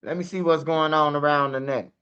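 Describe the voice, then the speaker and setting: A man's voice: a little high, fairly even intonation, a little fast, sharp tone, clear, resonant tone. Streetwise man with muffled stream sound. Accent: Chicago. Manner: streetwise, profane, lots of "man" and "bro" fillers. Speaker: guest telling his story. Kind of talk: casual storytelling.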